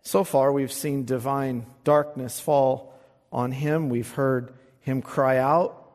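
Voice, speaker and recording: A man preaching an expository sermon, swinging from quiet, low asides to loud, fervent recitation of scripture. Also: fairly even intonation, slow pace. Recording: long hall reverb.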